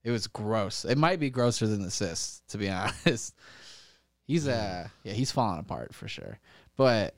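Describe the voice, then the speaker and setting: A man's voice: on the low side, expressive, a little slow, no echo, clean studio sound. A young man in casual, profane chat, rambling with many fillers and laughing often.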